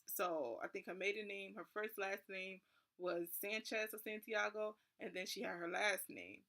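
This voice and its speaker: A young woman tells a story in a casual vlog with a bright, clear voice. She sounds a little nervous and fills her sentences with "like." She talks at a relaxed, chatty pace. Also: medium pitch, moderate pace. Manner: nervous, constantly saying "like". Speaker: vlogger.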